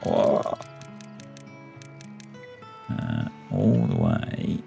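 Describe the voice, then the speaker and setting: Deep gravelly guy slowly mulling over his game moves, faint music behind. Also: very animated, mellow. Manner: musing, talks himself through each choice. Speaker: let's play host. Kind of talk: thinking aloud while playing a city-building game.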